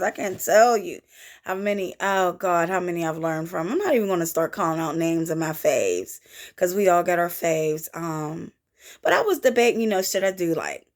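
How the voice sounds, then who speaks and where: A woman giving a casual tarot reading to her viewers in an animated, playful manner, with folksy asides and little sung sound effects. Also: medium pitch. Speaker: tarot reader.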